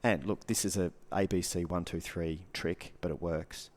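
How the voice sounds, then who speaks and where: A man's voice: low voice, fairly even intonation, moderate pace, darkish tone. A man, a guest coach giving earnest advice in casual podcast talk, repeating short punchy phrases.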